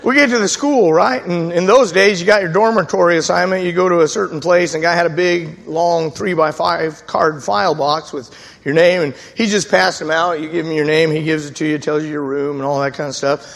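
Lively high-voiced man preaching in a hall. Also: fairly quick, gravelly. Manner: lively storyteller acting out quoted voices, often laughing. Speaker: preacher giving his testimony. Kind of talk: storytelling sermon.

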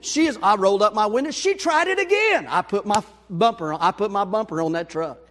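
A man preaching a sermon, telling a story with lively acted-out voices. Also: sits high, a little fast. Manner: animated storyteller, acts out voices. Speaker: pastor. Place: church sanctuary. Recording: long hall reverb.

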